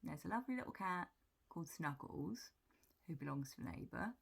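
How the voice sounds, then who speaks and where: A woman telling stories about her cats in a soft, breathy whisper, in a whispered role-play style. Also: fairly low pitch, expressive, a little fast. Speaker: cat vlogger.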